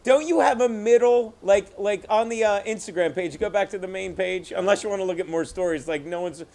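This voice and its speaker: A man's voice: high-pitched, fairly quick, creaky, darkish tone. A man hosting a podcast, chatting casually and retelling jokes with a laugh. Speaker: podcast host. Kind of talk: casual chat.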